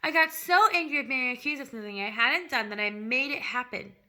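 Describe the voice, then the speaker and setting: A woman's voice: high-pitched, fairly quick, bright, forceful tone. Woman doing an earnest little girl. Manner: earnest, polite. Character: small earnest bookish girl.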